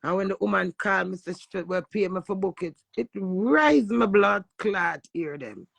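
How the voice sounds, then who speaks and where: A woman's voice: medium pitch, lively intonation, normal speed, gravelly, a bit bright, breathy edge, no echo. A Jamaican woman hosting a live stream, ranting brashly, swearing, and talking back to viewers. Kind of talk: casual live-stream rant.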